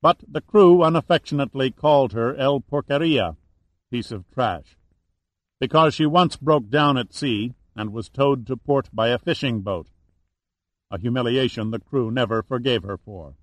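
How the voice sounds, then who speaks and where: A man reads an audiobook in a steady, even storytelling voice. His pitch sits in the middle range. The recording is dry and close, with no room sound. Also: normal speed, dry recording. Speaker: narrator. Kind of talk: audiobook narration.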